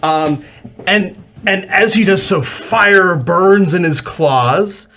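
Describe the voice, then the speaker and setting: A man narrating a tabletop role-playing game as game master, animated and often laughing. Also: high-pitched, takes it slowly, a little hiss or hum.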